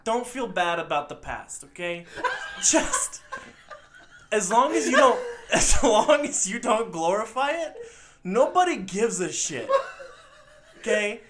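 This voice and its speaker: A man's voice: high-pitched, takes it slowly, pauses often, background noise. A man co-hosting a casual podcast movie review, joking around and acting out the characters. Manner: joking, animated, acts out characters. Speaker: podcast co-host.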